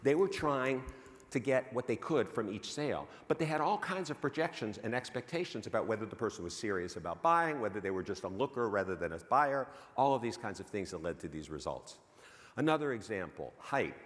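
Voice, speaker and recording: A man giving a lively conference keynote, asking the audience questions and correcting himself as he goes. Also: on the low side. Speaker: keynote speaker on bias. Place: large conference hall. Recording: hall reverb from a stage mic.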